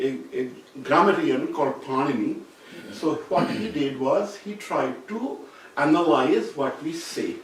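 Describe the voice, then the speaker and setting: A man with a fairly high voice lectures at a seminar, explaining patiently and circling back to rephrase his points. He sounds far from the mic, in a heavily echoing room. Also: a little hiss or hum. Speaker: seminar speaker. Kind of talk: academic lecture. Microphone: distant room mic.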